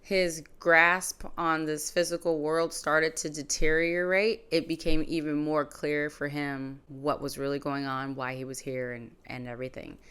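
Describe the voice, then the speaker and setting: A woman hosting a podcast, reflectively retelling a personal story in a conversational way, her phrases often trailing off softly. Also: sits low, little pitch movement, a little slow, few pauses, clean tone. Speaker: podcast host.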